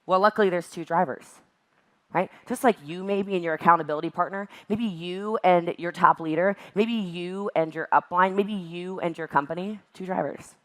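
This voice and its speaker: A woman giving an emphatic, animated motivational talk at a virtual event. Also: on the low side, normal speed. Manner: emphatic and animated, acts out exasperated voices. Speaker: network marketing speaker.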